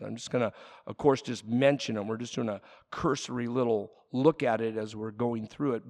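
A man preaching a sermon in a lively, animated way, his pitch rising and falling sharply as he drives home each point. His voice sits a little high with a gravelly edge. The sound carries a long reverb, as in a church hall. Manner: animated, shifts between loud emphasis and quiet asides. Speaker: pastor.

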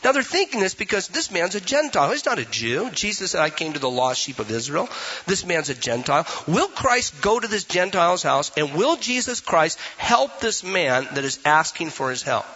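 A man's voice: high voice, big pitch swings, normal speed, hardly any pauses, pushed and bright, slightly rough, highs cut off. A man preaching a sermon as pastor, emphatic and full of rhetorical questions.

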